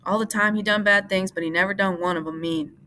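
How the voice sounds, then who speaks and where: A woman voicing a weary, guarded ranch worker who speaks in low, clipped lines. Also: fairly even intonation, fast, bright, forceful tone, slight background noise, natural voice. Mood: urgent.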